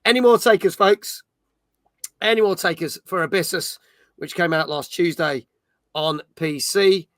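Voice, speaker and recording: This podcast-style host, a middle-aged man, runs a laid-back gaming stream, joking around and reading chat messages out loud. He speaks a little slowly in a high-sitting, fairly bright voice. The sound is dry and studio-clean.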